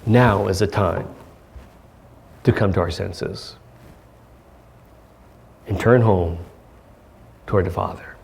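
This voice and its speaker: A man pastor giving a church sermon, speaking earnestly with pauses and reading scripture aloud. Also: low-pitched, vocal fry, darkish tone. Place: church service.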